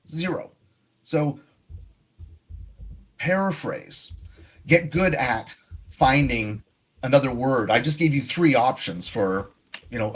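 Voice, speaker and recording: Lively, husky male test prep tutor. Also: medium pitch. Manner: explanatory, demonstrative. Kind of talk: live online lesson.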